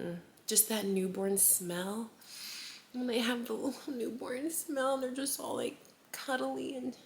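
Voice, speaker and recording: A woman in her thirties talks straight to camera as a mom vlogger. Her chat rambles, is full of little fillers, and slips into giggles, at an ordinary middle pitch. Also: fairly bright tone, a little hiss or hum.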